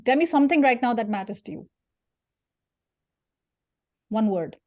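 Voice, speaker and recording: A woman from India leading an interactive career workshop, lively and jokey, putting questions to her audience. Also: fairly high pitch, normal speed. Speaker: career speaker.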